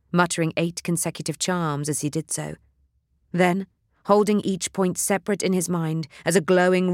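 A narrator reading a dark fantasy novel aloud in a measured, steady storytelling manner. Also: mid-range voice, no echo, clean studio sound. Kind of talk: audiobook narration.

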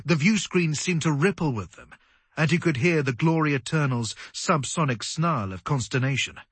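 A man narrating an audiobook in a dramatic, animated storytelling manner. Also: on the high side, normal speed, breathy edge, dry recording. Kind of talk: scripted narration.

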